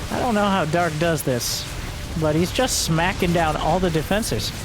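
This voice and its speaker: A man casting a strategy game match solo, joking along and bursting into high-pitched exclamations. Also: moderate pace, music in the background. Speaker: esports caster. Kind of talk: solo play-by-play commentary.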